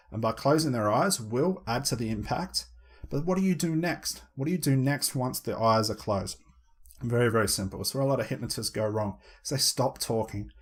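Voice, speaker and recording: A man teaching conversational hypnosis, explaining steps and demonstrating a slow, soothing hypnotic tone with lots of repetition. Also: mid-range voice, husky. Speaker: hypnosis trainer. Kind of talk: instructional talk with spoken demonstrations.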